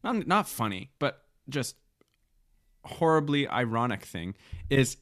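A man co-hosting a podcast, telling a story in casual chat, getting animated and laughing as he goes. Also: no room sound, clean studio sound. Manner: animated storyteller, laughs and rises in pitch when excited. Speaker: podcast co-host. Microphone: studio microphone.

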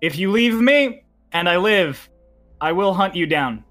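A man's voice: sits high, animated, fast, sharp tone, soft background music, voice pushed up, full character voice. A man voicing a nervous, touchy male crewman who sounds tense and pleading. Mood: threatening.

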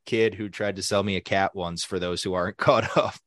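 A young adult man co-hosting a podcast, telling a story in a casual, animated way, swearing freely and acting out what other people said. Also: low voice, brisk, no room sound, studio quality. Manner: animated, profane, acts out quoted people. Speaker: podcast co-host.

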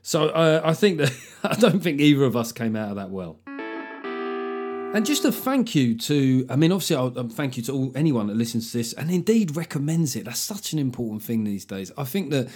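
Sweary comedian hosting a podcast. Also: male voice, medium pitch, fairly quick, slightly rough, faint music behind. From London. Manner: sweary, joking, lively storytelling. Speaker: podcast host and stand-up comedian. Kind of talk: solo podcast monologue.

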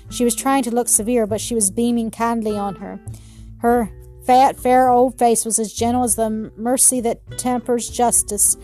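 A woman narrating a children's story in a gentle, measured reading. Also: on the high side.

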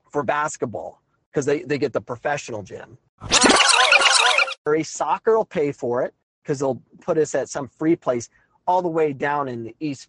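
A middle-aged man holds forth in an exasperated rant, his voice set at an ordinary middle pitch. The sound is close and dry, with no room around it. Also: no echo, low-quality recording. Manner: exasperated, ranting. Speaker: high school soccer coach. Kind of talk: frustrated monologue.

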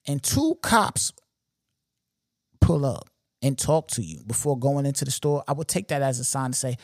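A young podcast host works through a story in a loose, animated, slangy style, repeatedly stopping for asides to his audience. His medium-pitched voice moves at a moderate pace with long pauses. The recording is dry, without any room sound.

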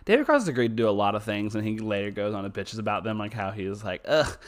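A man's voice: fairly low pitch, lively intonation, racing. A man co-hosting a podcast in casual chat, swearing freely and trailing off mid-thought. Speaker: podcast co-host.

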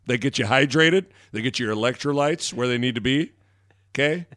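A man co-hosts a casual sports radio show, his talk rambling and animated, at times erupting into shouted calls. His voice sits at an ordinary middle pitch. The studio sound is dry and close. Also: moderate pace, no echo.

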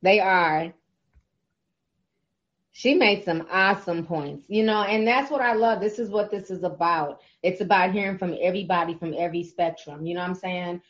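A woman's voice: lowish voice, moderate pace. Conversational woman host, lo-fi audio. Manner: conversational, affirming, many "you know"s. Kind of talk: call-in show hosting.

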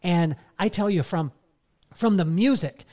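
Earnest higher-voiced man telling a story. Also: a little slow, mellow. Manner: earnest, personal storytelling addressed to the audience. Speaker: motivational speaker. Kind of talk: live keynote storytelling.

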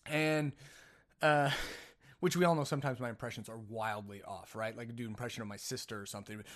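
A man's voice: medium pitch, steady tone, a little fast, a bit bright. A man hosting a casual solo podcast, telling a rambling story full of jokes and self-mocking asides. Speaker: podcast host.

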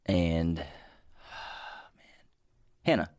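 A man's voice: low voice, animated, extremely slow, a little mellow, no room sound, clean studio sound. A man co-hosting a podcast in casual, joking banter, laughing often. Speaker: podcast co-host. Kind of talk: casual chat.

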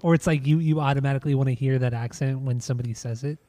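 A man's voice: mid-range voice, steady tone, rapid-fire, mellow. A man co-hosting a casual music podcast, talking loosely, swearing and trailing off mid-thought. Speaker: podcast co-host. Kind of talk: casual chat about music.

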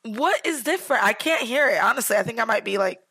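A woman's voice: a little high, fast, vocal fry, breathy edge, no echo. Woman, Central Florida accent, laughing, swearing storyteller, dry close sound. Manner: animated storyteller, laughs often, swears freely. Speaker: podcast co-host. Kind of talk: casual chat.

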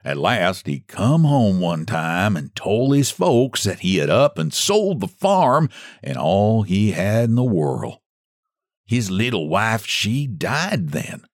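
A man doing a slow folksy backwoods guide. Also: on the low side, sing-song, no room sound, studio quality. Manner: rustic dialect, slow and plain.

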